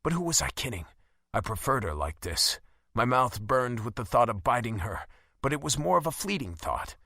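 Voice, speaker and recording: Male first-person narrator, dramatic and charged, bright tone. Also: medium pitch, sing-song, moderate pace, creaky, dry recording, clean studio sound. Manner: dramatic, emotionally charged delivery. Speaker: audiobook narrator.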